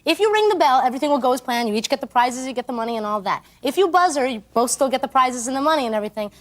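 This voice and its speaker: Bubbly high-voiced female game show host. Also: expressive. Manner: speaking in a put-on English accent; bubbly, quick quips to contestants. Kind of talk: upbeat game show hosting. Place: TV studio with live audience. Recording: loud studio music and audience.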